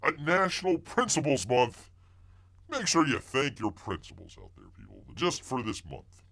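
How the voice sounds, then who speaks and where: A middle-aged man hosts a casual live stream and rambles from one joke to the next. He reads viewer chat aloud as he goes. His pitch swings widely up and down. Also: wildly swooping pitch, measured pace, gravelly, fairly bright tone. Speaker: livestream host.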